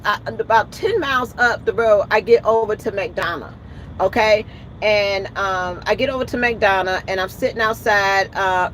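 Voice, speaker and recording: An indignant woman trucker speaks, venting in a casual vlog with emphatic bursts. Her voice sits at a middle pitch. Faint traffic noise comes through from outside. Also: a bit bright. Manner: emphatic and indignant, retelling conversations with rising outbursts. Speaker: truck driver. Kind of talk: ranting vlog storytelling. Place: in or by a truck at a roadside.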